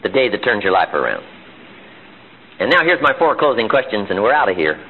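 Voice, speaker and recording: A man's voice: fairly low pitch, sing-song, a little fast, slight background noise. A man giving a live motivational seminar in a meeting room. He is emphatic and fires off rhetorical questions. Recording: tinny lo-fi archival seminar tape.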